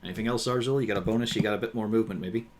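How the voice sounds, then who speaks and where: A man's voice: on the low side, fairly even intonation, very fast, noisy background. A man running a tabletop game as game master, describing the action with a wry, joking manner. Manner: descriptive, wry, laughs often.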